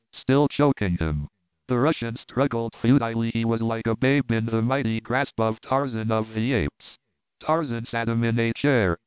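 A man reading an adventure novel aloud in steady, measured narration. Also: mid-range voice, dry recording. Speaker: audiobook narrator. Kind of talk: scripted narration. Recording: crisp, dry, phone-like narrow sound.

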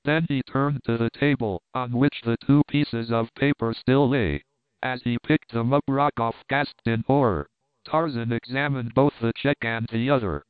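A man reading an adventure novel aloud in steady, measured narration. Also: medium pitch, no echo. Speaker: audiobook narrator. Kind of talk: scripted narration. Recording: crisp, dry, phone-like narrow sound.

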